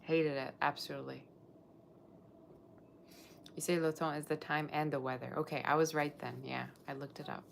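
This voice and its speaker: A woman's voice: deep voice, level tone, normal speed, vocal fry, long pauses, a little hiss or hum. A woman giving a live tarot reading to her viewers, chatting and rambling as she answers their comments. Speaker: tarot reader.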